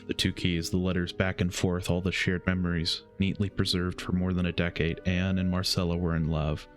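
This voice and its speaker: A young man with a very low voice reads game letters aloud at an unhurried pace. He stumbles over words and corrects himself as he goes. Faint game music plays behind him. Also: level tone. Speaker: gaming streamer.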